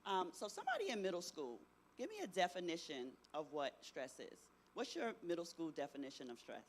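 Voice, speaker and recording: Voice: mid-range voice, big pitch swings, brisk. Middle-aged workshop presenter, interactive talk to teens, keeps checking in with "right?", faint background noise. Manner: keeps asking the audience, tags "right?".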